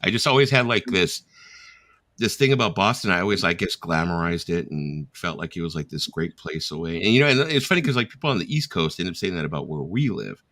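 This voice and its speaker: A middle-aged man hosts a relaxed live chat, his voice sitting very low yet cutting through with a bright, forceful edge. He tells animated stories and laughs at his own jokes between viewer comments. The sound is close and dry, with no room echo. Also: a little fast. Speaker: host of a live chat stream.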